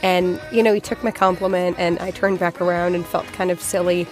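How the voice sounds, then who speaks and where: A woman's voice: fairly low pitch, brisk, soft background music. Chatty woman in her thirties telling a story. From Boston, USA. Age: 30s. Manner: chatty and animated, many "like" fillers. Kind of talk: personal storytelling.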